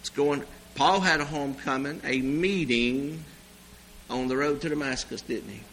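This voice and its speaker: A man preaching a sermon in a folksy, animated way, swinging from loud exclamations to hushed asides. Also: medium pitch, normal speed, low-quality recording.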